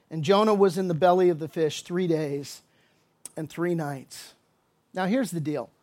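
A man's voice: on the high side, a little mellow. A man preaching a sermon as pastor, explaining scripture in a casual, conversational way with humorous asides and acted-out dialogue. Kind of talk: expository sermon.

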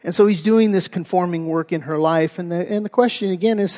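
A middle-aged man with a fairly high voice preaches to his congregation in a relaxed, conversational way, often restarting his sentences. His voice rings out with a long reverb in a church sanctuary. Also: a little fast, hardly any pauses. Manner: conversational storytelling with frequent restarts and fillers. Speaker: pastor. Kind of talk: sermon.

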